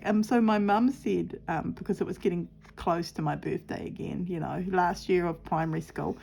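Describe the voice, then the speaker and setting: A middle-aged woman, chatting and rambling through a childhood story as she sews, with lots of fillers and soft asides. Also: on the low side, fairly even intonation, moderate pace, creaky, few pauses, slight background noise. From New Zealand. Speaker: craft vlogger. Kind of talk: casual storytelling while sewing.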